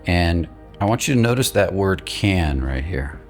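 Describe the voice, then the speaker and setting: A male coach giving a guided instructional talk, calm and steady, stressing key words by repeating them. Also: low-pitched, unhurried, soft background music. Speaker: emotional release coach.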